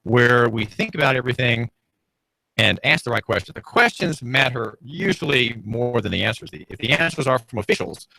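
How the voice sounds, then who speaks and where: A Southern man hosts his talk radio show from a small home studio, with a heavily gravelly, crackling voice and a bright, forceful tone. He rambles through a sardonic monologue with many restarts and fillers. The sound is close and dry. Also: mid-range voice, animated, moderate pace, dry recording. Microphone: studio mic, streamed on video.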